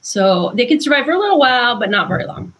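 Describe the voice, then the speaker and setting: A woman guest author explaining ideas in conversation, thoughtful and unhurried, with frequent ums. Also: on the high side, very animated, fairly bright tone, husky, rough recording.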